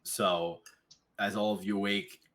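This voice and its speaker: A man narrating a tabletop game as dungeon master, relaxed and filler-heavy. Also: fairly low pitch, unhurried. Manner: relaxed, hesitant, lots of fillers.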